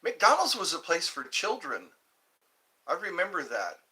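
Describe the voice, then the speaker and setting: A man hosting a casual livestream from home, rambling cheerfully between topics and answering viewer comments. His voice is bright and slightly high, and his pitch leaps around. He speaks slowly. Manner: chatty, rambling, animated, with pitch leaps when greeting viewers. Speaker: livestream host.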